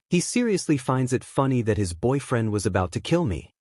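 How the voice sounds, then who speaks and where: A man reads a fan fiction story aloud in a plain, even storytelling voice at an ordinary middle pitch. The sound is dry and close, with no room around it. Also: a little fast, few pauses, no room sound. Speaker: narrator.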